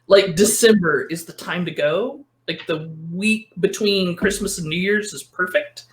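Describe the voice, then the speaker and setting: A woman's voice: lowish voice, measured pace. A woman chatting as a podcast guest, rambling along and correcting herself as she talks. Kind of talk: casual chat.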